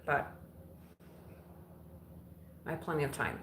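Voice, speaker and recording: An animated Illinois woman with a lowish, slightly bright voice talks at normal speed during a casual live stream, doing chores at home while answering viewers bluntly and cursing occasionally. Her windows are open in the kitchen and living room, and the audio is roomy with a faint background hum.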